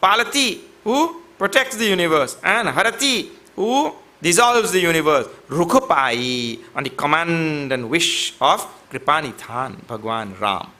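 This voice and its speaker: A man's voice: fairly high pitch, very animated, a little slow, hardly any pauses, bright, forceful tone. A man giving a devotional scripture lecture, chanting verses and explaining them with a playful, teasing manner toward his class.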